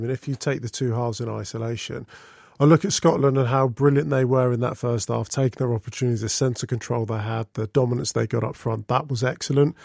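A man, a pundit in casual chat, speaking in a measured, analytical way. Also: medium pitch, gravelly, darkish tone, no room sound, clean studio sound.

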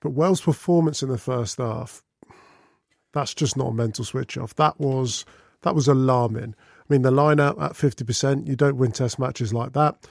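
A man, a pundit in casual chat, speaking in a measured, analytical way. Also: mid-range voice, creaky, no echo, clean studio sound.

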